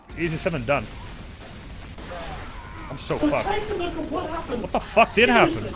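A young man giving live, excitable commentary on his own gameplay as a streamer, swearing and yelling at the screen. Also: high voice, measured pace, gravelly, over music. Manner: excitable, swears a lot, yells at the game.

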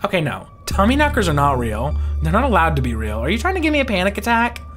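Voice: medium pitch, wildly swooping pitch, fast talker, a bit bright, faint music behind, pitched above the performer's own voice. A game reader voicing a nervous young woman who talks in an anxious, panicky way. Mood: jittery.

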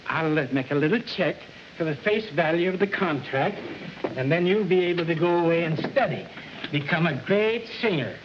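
A man's voice: fairly high pitch, expressive, normal speed, a little hiss or hum, natural voice. An actor playing a flustered, blustering male record company boss in 1940s film style. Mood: coaxing. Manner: blustering, then coaxing. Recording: dull old film soundtrack.

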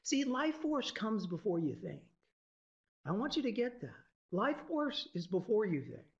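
A man's voice: sits high, very animated, measured pace. A man giving an informal, irreverent spiritual talk to a group, swearing freely and laughing often. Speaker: teacher. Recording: dull lo-fi recording.

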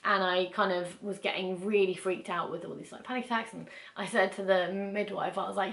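A woman's voice: medium pitch, creaky, fairly bright tone. A young woman, telling a personal story to camera in a candid, chatty way that is full of asides and "like". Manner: chatty and candid, rushing through asides with frequent "like". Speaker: vlogger. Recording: roomy echo.

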